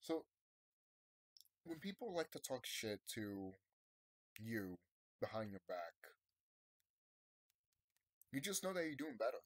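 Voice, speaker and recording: Man in his 30s, husky and lively, emphatic rambling monologue for subscribers, dry close sound. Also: mid-range voice, takes it slowly, long pauses, no room sound. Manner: emphatic, rambling, repeats himself. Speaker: YouTuber. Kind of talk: casual unscripted monologue to subscribers.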